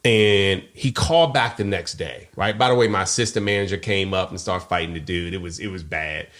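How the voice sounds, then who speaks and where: A man's voice: low voice, a little fast, fairly bright tone. A man co-hosting a podcast, telling a personal story in casual chat and acting out the voices of people he quotes. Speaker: podcast co-host.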